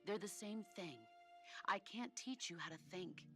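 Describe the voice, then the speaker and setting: A woman playing a seasoned soldier and mentor in a video game cutscene, speaking in a calm, measured, lecturing way. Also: mid-range voice, soft background music, close to an everyday voice. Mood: calm, instructive. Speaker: game character.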